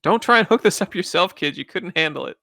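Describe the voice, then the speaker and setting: A man's voice: sits high, expressive, fast, creaky, sharp tone, no room sound, clean studio sound, exaggerated voice. A man imitating a stern male commercial announcer, bossy and mock-serious.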